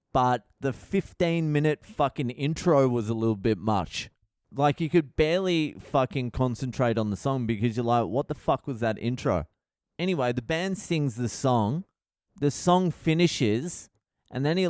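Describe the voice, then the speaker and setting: A man's voice: mid-range voice, darkish tone, smooth, no room sound, clean studio sound. A middle-aged man telling a comic story on his podcast, sweary, exasperated and mocking. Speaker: comedian podcast host. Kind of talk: casual comedic storytelling monologue.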